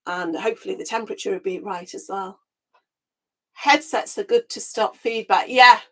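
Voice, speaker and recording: A woman hosting a casual live gardening chat through her webcam microphone, chatty and quick to laugh, her voice a little squeaky as it recovers. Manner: chatty, laughs often, greets viewers by name. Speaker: gardening channel host.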